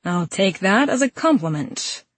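A woman voicing a smug, scheming male villain alchemist who taunts slowly and slyly. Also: mid-range voice, very animated, no room sound. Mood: smug taunting. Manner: taunting, slow and sly.

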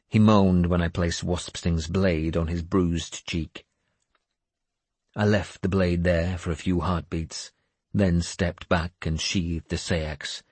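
A male audiobook narrator tells a first-person tale in a measured, grave manner. His voice is very deep with a husky grain, and he takes his time over every line. The recording is close and dry. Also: flat delivery, a little mellow, dry recording.

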